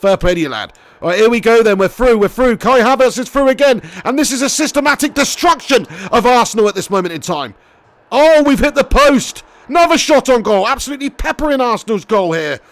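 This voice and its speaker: Excitable, high-voiced man streaming. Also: quick pace, hardly any pauses, no room sound. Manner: excitable, swears freely, shouts at goals. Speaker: streamer playing a football career mode. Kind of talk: live gaming commentary and chat reading.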